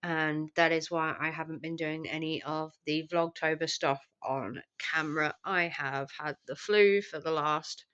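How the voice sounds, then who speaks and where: A young woman with a low voice talks to camera while she is sick with the flu. She sounds tired and drained, and she rambles with lots of ums. Her illness wears on her voice throughout. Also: steady tone, unhurried, hardly any pauses, fairly bright tone, lo-fi sound. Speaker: vlogger. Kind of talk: casual catch-up vlog.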